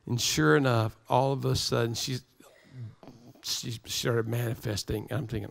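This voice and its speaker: A man's voice: mid-range voice, steady tone, normal speed, gravelly. A male pastor preaching a sermon, emphatic, repeating his phrases and restarting words as he drives his points home.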